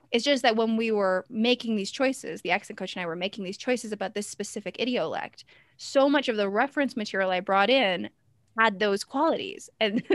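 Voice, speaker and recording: A woman's voice: mid-range voice, no room sound, clean studio sound. A young adult woman performer talking in an interview with a staccato, teacherly rhythm, stopping abruptly and coming back in. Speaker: character performer. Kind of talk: interview conversation.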